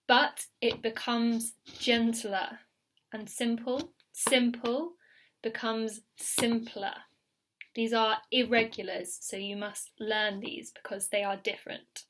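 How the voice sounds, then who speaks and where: A woman teaching an English grammar lesson, patient and clear, repeating key words and checking in with the learner. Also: fairly high pitch, steady tone, takes it slowly, a little hiss or hum. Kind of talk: slow recorded grammar lesson.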